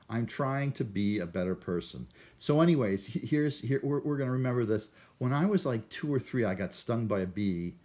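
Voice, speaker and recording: A man from Cleveland rambling through a self-deprecating, neurotic vlog monologue. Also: medium pitch. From Cleveland, USA. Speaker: vlogger.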